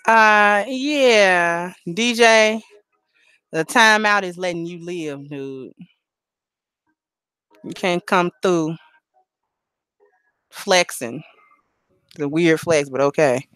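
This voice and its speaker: A woman's voice: lowish voice, drawn-out words, pauses often, a bit bright, smooth, dry recording. A woman hosting a live stream, talking bluntly and profanely in a preachy, casual way. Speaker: livestream host.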